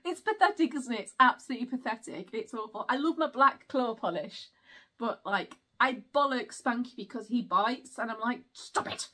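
A woman's voice: a little high, normal speed, sharp tone. A woman chatting casually through an unboxing at home, apologetic and giggly, speaking into a camera mic. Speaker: vlogger.

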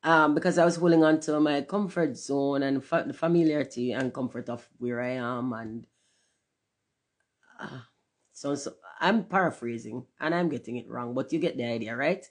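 A woman talking candidly to her viewers in a casual livestream monologue, cursing freely and slipping into patois. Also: normal speed. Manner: candid, profane, swings between loud emphasis and low murmurs; drifts into patois phrasing. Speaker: channel host.

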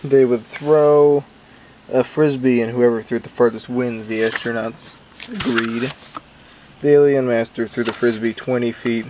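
A man's voice: mid-range voice, flat delivery, normal speed, background noise. A young man casually reading a book he made as a child, with wry asides and frequent ums. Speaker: YouTuber.

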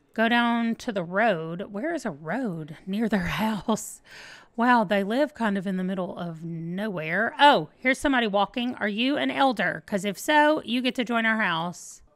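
A woman's voice: mid-range voice, a bit bright, no echo. A woman hosting a let's play, chatting casually and thinking aloud as she plays. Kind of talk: casual gameplay commentary.

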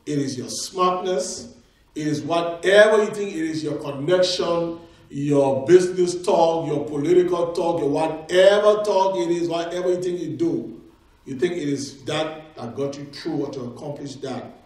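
A man's voice: on the high side, moderate pace, darkish tone. A man preaching a conversational sermon in a church, now and then acting out quoted exclamations. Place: church sanctuary. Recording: very echoey church sanctuary, mic at a distance.

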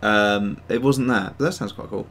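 A man's voice: fairly low pitch, moderate pace, a bit bright. A man hosting a digital sculpting livestream, chatting casually and rambling as he reads out viewers' messages and pokes fun at himself. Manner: rambling, self-mocking, reads chat aloud. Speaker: host of a digital sculpting stream.

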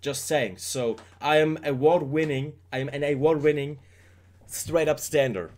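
A man's voice: fairly high pitch, fairly even intonation, measured pace, darkish tone. A man giving casual reaction commentary, rambling and joking as he talks straight to his viewers. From Germany. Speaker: K-pop reaction YouTuber.

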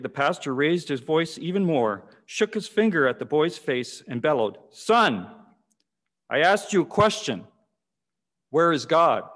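A man, preaching a sermon in a measured way, repeating key phrases with pauses, in a church hall. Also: mid-range voice. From Canada. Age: 60s. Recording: long echoing church reverb.

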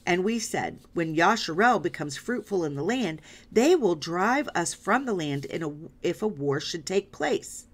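A woman's voice: lowish voice, very animated, a little slow, hardly any pauses. A woman Bible teacher reading scripture aloud and stopping to explain it, often checking in with "right?" and "okay?". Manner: reads passages aloud, then stops to explain.

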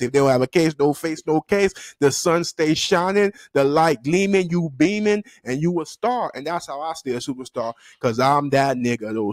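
Animated young man with a Miami accent. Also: a little high, no room sound, studio quality. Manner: animated, laughs often, slangy. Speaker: storytime vlogger. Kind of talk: casual storytelling vlog.

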